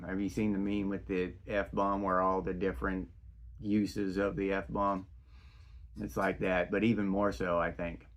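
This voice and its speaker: A middle-aged man hosting his own podcast, talking in a casual, rambling monologue full of restarts. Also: low voice. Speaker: podcast host.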